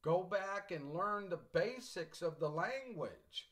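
A man's voice: high voice, animated, slow, hardly any pauses, a bit bright. A middle-aged man teaching a college English class, blunt and rambling, repeating himself and drifting into stories. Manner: rambling, repetitive, blunt, digresses into anecdotes. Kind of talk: recorded lecture to class.

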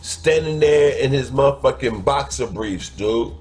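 A man's voice: mid-range voice, measured pace, over music. A man telling a crude personal story, blunt and profane, stretching out words for emphasis.

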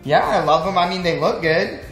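A man's voice: high-pitched, fairly quick, fairly bright tone, soft background music. A young man chatting casually at home, laid-back and puzzled by his girlfriend. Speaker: vlogger's boyfriend. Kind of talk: casual chat. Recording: roomy echo.

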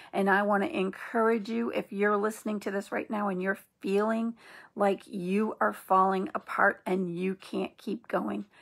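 A middle-aged woman hosting an inspirational channel, speaking in a gentle, earnest and reassuring way. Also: mid-range voice, gravelly. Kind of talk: encouraging spiritual talk.

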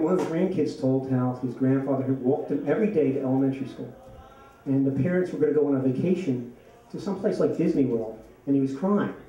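A man's voice: mid-range voice, dark tone, lo-fi sound. A man telling a personal story on stage at a live storytelling event, chatty and often laughing as he speaks. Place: event venue, from a distance. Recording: roomy and echoey from far off.

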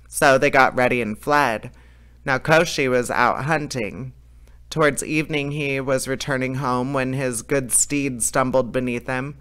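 A man reading a fairy tale aloud in a plain, steady way, with an occasional filler. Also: mid-range voice, unhurried, clear, resonant tone. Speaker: storyteller.

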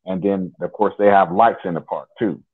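A man from Nebraska, a guest in an interview, telling a personal story in an unhurried, detailed, conversational way. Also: low-pitched, steady tone, breathy edge. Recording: tinny phone line.

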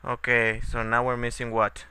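A man's voice: mid-range voice, completely flat delivery, moderate pace, sharp tone, clean tone. A young man giving casual, sarcastic let's-play commentary, swearing often and muttering in frustration at the game.

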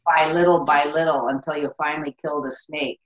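A woman's voice: low voice, fairly even intonation, brisk, echoey room, lo-fi sound. A woman in a casual podcast discussion, speaking thoughtfully and searching for her words.

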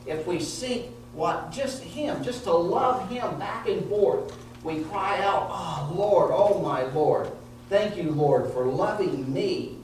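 A male pastor preaching an earnest, emotional sermon full of repeated phrases. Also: high voice. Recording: echoey room heard from a distance with faint noise.

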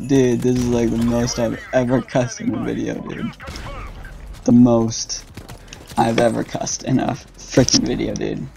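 A man's voice: mid-range voice, monotone, measured pace, creaky, warm tone. A young man giving casual, swearing, frustrated commentary while he plays a shooter game as host of his gaming channel. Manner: frustrated, swearing, ranting at teammates. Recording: game music and gunfire behind.

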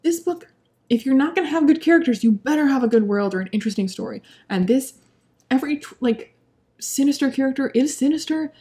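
Young woman book vlogger, exasperated rant, lots of "like", slightly high voice. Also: brisk. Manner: exasperated, animated, heavy use of "like", laughs often. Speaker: book reviewer. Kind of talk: casual ranting book review.

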